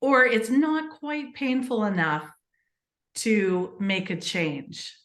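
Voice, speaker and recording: A woman's voice: on the high side, slow, echoey room. A woman guest on a podcast, chatting earnestly about her book and telling stories with lots of fillers. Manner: earnest, animated storytelling with many fillers. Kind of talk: casual interview chat.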